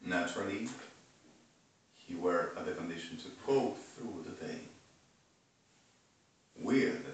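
A man delivering an agitated, rambling monologue, swinging between loud outbursts and low muttering. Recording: very echoey room, voice far from mic, faint hiss.

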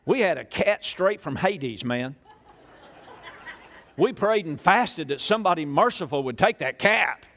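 Man, older, pastor, folksy sermon, rhetorical questions, high voice, lively pitch. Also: unhurried. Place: church.

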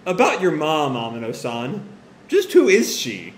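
A man's voice: a little high, huge pitch swings, a little slow, vocal fry, heavily acted. A man voicing a flustered, polite young man who sputters formal apologies, reading a manga aloud. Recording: echoey room, faint hiss.

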